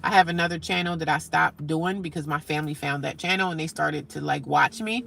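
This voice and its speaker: A middle-aged woman talks casually to her live-stream viewers, answering their comments as she goes. Her voice sits low, with a gravelly edge and a bright, forward tone. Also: brisk, a little hiss or hum.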